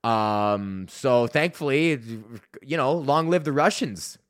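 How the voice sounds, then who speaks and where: A man's voice: medium pitch, lively intonation, slow, smooth. A man in his thirties from Canada, hosting a podcast and telling a rambling, profane story in casual chat. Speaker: podcast host and comedian.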